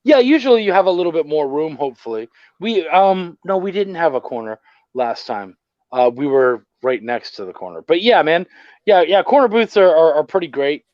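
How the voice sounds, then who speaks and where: A loud, gregarious man with a rather high voice tells rowdy, profane stories in a casual chat. His voice sounds close and dry, with a slightly dull, lo-fi tone. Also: sing-song, normal speed, dry recording. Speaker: podcast host.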